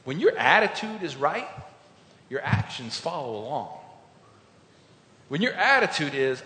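A man preaching a sermon, telling a personal story with earnest emphasis, swinging between loud points and quiet reflective lines. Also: very animated, unhurried, long pauses. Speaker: pastor. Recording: echoey hall with faint rumble.

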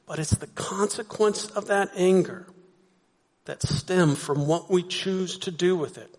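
A man's voice: sits high, measured pace. A man preaching a sermon as pastor, talking to the congregation conversationally and asking them rhetorical questions. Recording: long hall reverb.

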